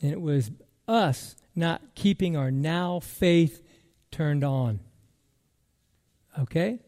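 A male pastor preaching with a notably high voice. He speaks slowly and emphatically, repeating key words and shifting between loud declarations and hushed reflection. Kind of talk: sermon.

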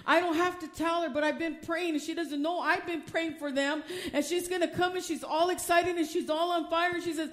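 A woman's voice: very high voice, fairly even intonation, brisk, few pauses. An older woman preaching a fervent sermon. She reads scripture aloud, stumbles over some words, laughs often and drives her points home with emphasis.

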